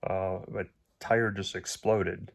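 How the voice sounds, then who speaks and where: A middle-aged man talks through a personal video update in a deep, low voice. His delivery stays flat and halting, full of pauses and fillers, and his voice sounds close to breaking. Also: vocal fry. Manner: halting, emotional, voice nearly breaking. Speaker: vlogger.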